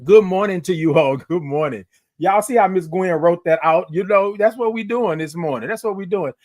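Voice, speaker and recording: A man hosting a morning livestream from his phone, chatting with viewers, reading out their comments and stretching his good-mornings into long singsong calls. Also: high-pitched. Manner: animated, drawn-out singsong greetings, reads out viewer comments. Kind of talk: upbeat live-stream chat greeting viewers.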